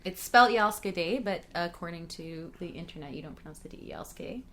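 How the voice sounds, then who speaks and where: A woman's voice: fairly low pitch, expressive, quick pace, fairly bright tone, slight background noise. Chatty laughing woman podcast host. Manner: chatty, laughs often, retells scenes in quotes. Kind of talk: casual chat recapping a TV show.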